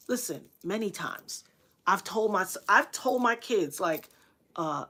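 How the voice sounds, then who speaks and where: There's a little hiss or hum as a middle-aged woman tells a livestream story in an unhurried way with lively intonation. Her earnest, dramatic style includes repeated phrases for emphasis and sudden loud, high bursts when she quotes others.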